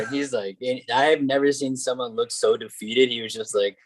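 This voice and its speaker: A man on a casual podcast, recorded dry and close. He tells the story in a halting way, with plenty of "uh"s, and acts out what people said. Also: medium pitch, steady tone, no room sound, poor audio. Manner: recounts events, hesitant with many uh's, acts out quotes. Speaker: podcast co-host. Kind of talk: casual chat.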